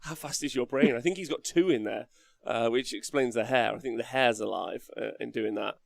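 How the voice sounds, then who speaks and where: A man hosting a casual livestream podcast, chatty and quick to laugh as he reads the chat aloud. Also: mid-range voice, gravelly, dry recording, clean studio sound. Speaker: podcast host.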